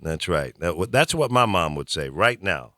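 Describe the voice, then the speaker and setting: Animated ranting male talk host. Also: low-pitched, normal speed, no room sound, clean studio sound. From American South. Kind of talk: call-in talk show.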